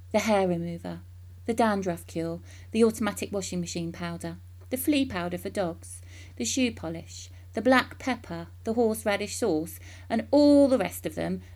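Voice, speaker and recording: A woman reading a children's book aloud, with expressive, lively storytelling. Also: mid-range voice.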